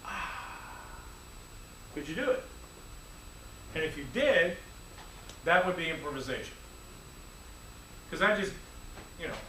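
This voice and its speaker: High-voiced man teaching a class. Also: a little slow, long pauses, a little hiss or hum. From United States. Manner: lively, playful, demonstrative. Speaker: music teacher. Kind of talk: classroom lecture. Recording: echoey room, distant mic, faint ambience.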